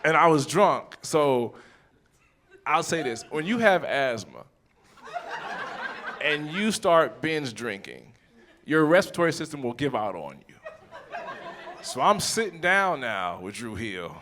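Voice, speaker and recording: A man doing stand-up comedy on stage, telling a long personal story with quick asides and acting out both sides of an argument. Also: on the high side, big pitch swings, fairly bright tone, a little hiss or hum. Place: stage before a live audience. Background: audience laughter.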